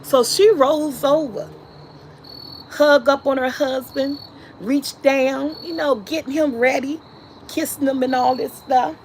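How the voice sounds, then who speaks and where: A woman with a high voice recaps a movie in casual vlog style. Her delivery is slow and unhurried, broken up by laughs and excited shrieks. Faint crickets and insects chirp in the background. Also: a little hiss or hum, low-quality recording. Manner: laughs and shrieks while retelling scenes. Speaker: vlogger reviewing a movie. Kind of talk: animated casual storytelling.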